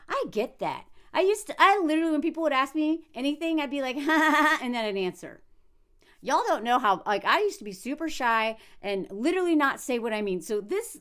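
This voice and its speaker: A woman hosting a casual commentary video, talking in an animated way, laughing often and acting out what others said. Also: high-pitched. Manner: animated, frequent laughs, acts out quotes in character voices.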